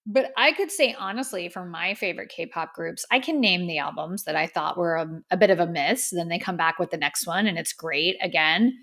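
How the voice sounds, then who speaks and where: A woman's voice: on the low side, moderate pace, hardly any pauses, a bit bright. A woman hosting a podcast, casually reviewing music in a candid, opinionated way with frequent fillers. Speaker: podcast host. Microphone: studio microphone.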